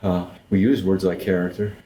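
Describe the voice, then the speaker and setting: A man speaking thoughtfully in an interview, measured and pausing often with fillers. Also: low-pitched, level tone, dark tone, slight background noise, low-quality recording. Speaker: interviewee in documentary footage. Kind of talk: reflective interview talk.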